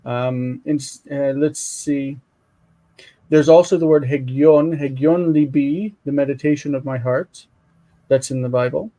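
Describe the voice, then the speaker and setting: Mellow-voiced man explaining Hebrew words. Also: medium pitch, fairly even intonation, measured pace, poor audio. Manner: enthusiastic, explains words aloud, thinks aloud while looking things up. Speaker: co-host of a Hebrew Bible reading stream. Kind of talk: casual live-stream teaching chat.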